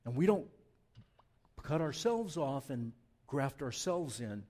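Animated, mellow-voiced man preaching. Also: medium pitch, slow. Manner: conversational, animated, emphatic preaching. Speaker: pastor. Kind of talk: sermon. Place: church.

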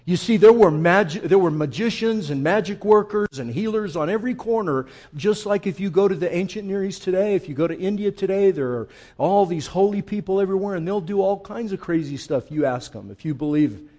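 A man's voice: high voice, lively intonation, brisk, few pauses. Man preaching a sermon. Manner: conversational preaching, addresses listeners as folks; shifts between quiet intensity and loud emphasis. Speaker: pastor.

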